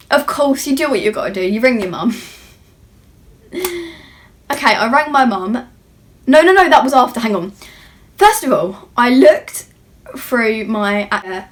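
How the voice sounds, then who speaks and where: A young British woman talks through a long shopping story as she does her makeup. Her voice sits a little high, and she rambles and corrects herself as she goes. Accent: British English. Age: young adult. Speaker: beauty vlogger. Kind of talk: chatty get-ready-with-me storytime.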